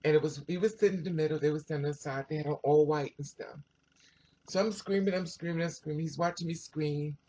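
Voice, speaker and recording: A vlogger telling a personal story to viewers in a chatty, animated way, full of asides. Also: mid-range voice, quick pace, a little hiss or hum. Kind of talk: casual storytelling to camera.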